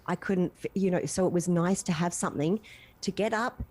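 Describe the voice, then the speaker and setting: A woman's voice: fairly low pitch, brisk, a little mellow. A woman chatting as a guest, earnest and heartfelt, rambling with restarts. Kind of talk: casual chat.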